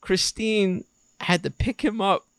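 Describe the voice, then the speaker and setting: Animated male podcast co-host telling a story. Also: high voice, slow pace, gravelly, no room sound. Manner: animated storyteller, acts out a child's voice in quotes. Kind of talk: casual storytelling chat.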